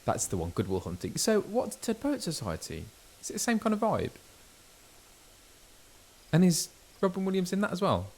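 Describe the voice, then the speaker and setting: Chatty, animated man streaming a game. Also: high-pitched, normal speed, pauses often, husky. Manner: chatty, animated, self-interrupting. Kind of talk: casual gameplay chat.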